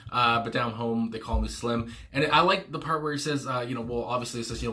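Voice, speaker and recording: A man's voice: mid-range voice, fast talker, few pauses, bright, forceful tone. A young man hosting a casual music reaction, rambling with many fillers and restarts and laughing often. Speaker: music reaction channel host.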